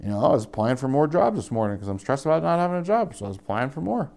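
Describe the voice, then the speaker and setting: A young adult man preaches in a casual, conversational way, his voice gravelly with fry. He often pushes into higher, more emphatic appeals, then settles back down. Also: very animated, rapid-fire, darkish tone. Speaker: pastor. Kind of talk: sermon.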